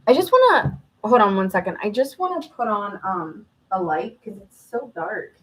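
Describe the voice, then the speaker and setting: A woman's voice: medium pitch, sing-song, moderate pace, a little hiss or hum, rough recording. A woman hosting a live tarot reading stream, chatting casually and answering viewer comments with frequent laughs.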